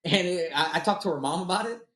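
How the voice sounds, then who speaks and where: A man swaps raunchy personal stories in a relaxed, profane chat and keeps laughing at his own punchlines. He talks fast in a slightly raised voice. The room around him rings with echo. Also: sits high. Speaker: podcast host. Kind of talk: casual storytelling chat.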